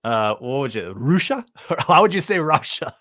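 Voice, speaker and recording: A man's voice: medium pitch, big pitch swings, normal speed, pushed and bright. A man hosting a podcast in casual banter, blunt and joking. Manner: blunt, joking, laughs often. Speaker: podcast host.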